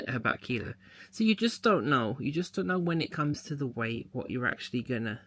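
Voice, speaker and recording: A man's voice: medium pitch, animated, brisk, fairly bright tone. A man chatting casually as he unboxes a mystery box, thinking aloud as he handles the packaging. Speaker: unboxing vlogger.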